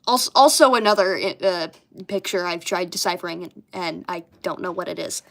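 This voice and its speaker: Going through her old childhood drawings, a young woman, an artist looking back at her early comics, chats in a bemused way, cursing frequently and laughing at herself. She speaks on the low side at a moderate pace, her voice gravelly yet a bit bright.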